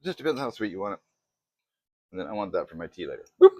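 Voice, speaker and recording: A man chatting through a casual cooking demo in his home kitchen, excitable and poking fun at himself. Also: sits low, very fast, dry recording. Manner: chatty, excitable, self-mocking. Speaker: cooking vlogger.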